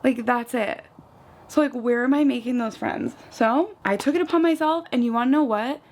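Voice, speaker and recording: A woman's voice: on the high side, moderate pace. A young woman from the US East Coast chatting casually while doing her makeup at home, filling her talk with "like" and acting out little retellings. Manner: chatty, peppered with "like", animated retellings. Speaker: vlogger. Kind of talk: casual get-ready-with-me chat.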